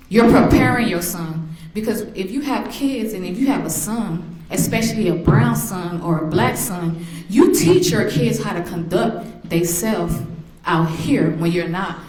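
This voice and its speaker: A woman's voice: lowish voice, darkish tone. A woman, the victim's mother, giving an emotional victim impact statement in a courtroom, telling memories and acting out remembered voices. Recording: echoey courtroom.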